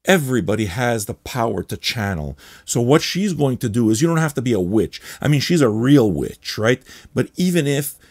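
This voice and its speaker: A man hosting a record review show, chatting casually in an excitable, rambling way with frequent swearing. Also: medium pitch, breathy edge, dry recording.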